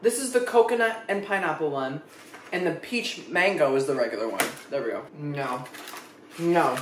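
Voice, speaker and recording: Expressive young man, lively echoey vlog. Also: on the high side, a little hiss or hum. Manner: dramatic, expressive, swears freely. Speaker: food vlogger. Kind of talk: casual food tasting vlog. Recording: echoey room.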